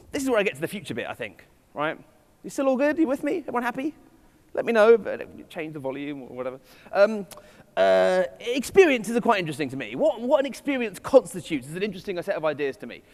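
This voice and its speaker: English guy giving a fun conference talk, slightly high voice, bouncy delivery, big echoey hall. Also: big pitch swings, a little fast. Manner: playful, self-mocking asides to the audience. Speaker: conference speaker. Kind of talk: keynote talk to a live audience. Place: festival stage in a large hall. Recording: long reverb of a large hall.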